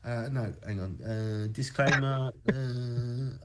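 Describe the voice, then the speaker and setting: A man's voice: medium pitch, slow pace, very noisy. A man hosting a casual music livestream, joking, laughing and chatting loosely with his co-host. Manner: jokey, laughing, self-deprecating. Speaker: radio show host.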